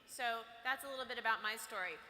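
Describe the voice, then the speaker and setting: A workshop speaker for girls gives a playful, chatty motivational talk to a live audience in a large hall. Her slightly high voice is quick, bright and forceful, and the recording echoes with long hall reverb.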